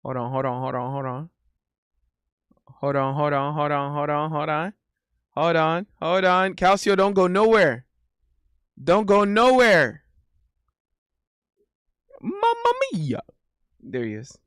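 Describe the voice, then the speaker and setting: A man's voice: on the high side, measured pace, pauses often, a bit bright, clear, resonant tone, no echo, clean studio sound. A man streaming live and chatting casually, reading viewer messages aloud, joking, laughing often and repeating himself.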